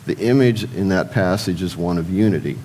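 A man's voice: low-pitched, a little fast, darkish tone, a little hiss or hum, rough recording. A man preaching a sermon in a conversational way, posing rhetorical questions and answering them himself, and speaking directly to the men listening. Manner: addresses the men in the audience directly.

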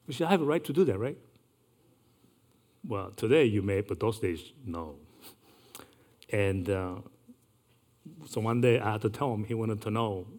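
A man, earnestly recounting a personal story in a measured way, with occasional restarts. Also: fairly low pitch, animated, a little mellow.

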